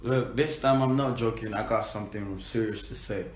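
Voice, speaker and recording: A man's voice: fairly low pitch, normal speed, echoey room. A man with a Nigerian accent, a musician giving brash, profane, playful advice in a casual vlog.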